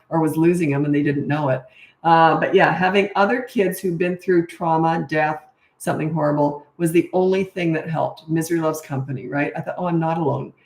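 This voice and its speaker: A middle-aged woman from Canada, a parenting coach answering viewer questions in a blunt, matter-of-fact casual chat. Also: fairly low pitch. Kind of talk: casual livestream Q&A. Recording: echoey room.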